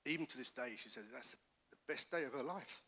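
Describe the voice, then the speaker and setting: A middle-aged man, a pastor, giving his testimony in church with earnest, animated storytelling. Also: medium pitch, fairly quick, husky. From England. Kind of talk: personal testimony sermon. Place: church hall. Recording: long church hall reverb.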